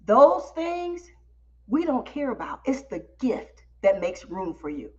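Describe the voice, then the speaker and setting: A woman podcast host telling a story on a live stream, animated and talking straight to her audience. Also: on the high side, slow pace, highs cut off. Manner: animated, talks directly to the audience.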